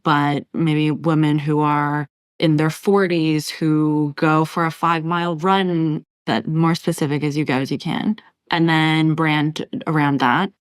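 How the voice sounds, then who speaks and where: A woman's voice: low voice, no room sound. Podcast host woman, dry close voice. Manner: summarizes the guest's points and asks follow-up questions. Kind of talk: interviewing.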